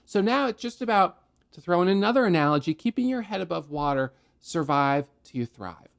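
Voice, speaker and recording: A man's voice: high-pitched, very animated, fairly quick, gravelly. A man who teaches day trading, giving a conversational recap of his trades at his desk with analogies and acted self-talk.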